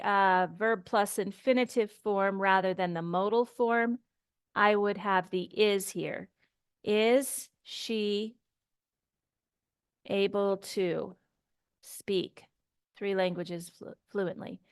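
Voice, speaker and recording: Slow, patient woman English teacher. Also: mid-range voice, clear, resonant tone, no echo, studio quality. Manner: slow, patient, demonstrates pronunciation by repeating phrases. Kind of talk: grammar lesson.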